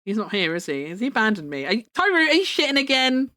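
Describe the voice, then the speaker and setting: A young woman rambles casually to her stream chat. Her fairly high voice swings lively up and down as she talks. She laughs often between her thoughts. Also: fast.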